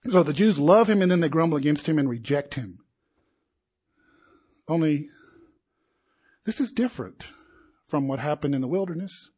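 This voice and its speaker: A man preaching with a raised, husky voice that sits high for a man. He is animated, jumping between his own explanation and the voices of a grumbling crowd, with sudden indignant peaks and low, hushed asides. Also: normal speed, pauses often. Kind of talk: sermon.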